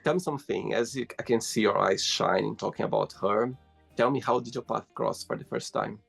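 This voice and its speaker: A man's voice: lowish voice, brisk, creaky, a bit bright, husky, faint music behind. A man hosting a casual interview, asking questions playfully and teasing his guest. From London, England. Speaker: host.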